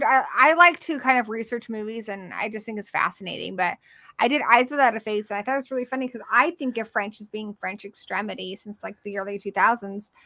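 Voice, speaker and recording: A woman's voice: fairly high pitch, bright, forceful tone, no echo. A woman co-hosting a casual horror movie livestream, chatting at length about film history in a rambling, enthusiastic way. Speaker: podcast co-host.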